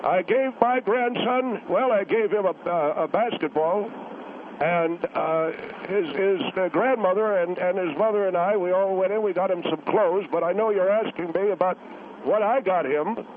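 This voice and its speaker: A man voicing an older male war veteran grandfather who phones in, halting, stubborn and defiant. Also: sits high, a little hiss or hum, voice pushed up, close to an everyday voice. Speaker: caller. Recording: tinny phone line.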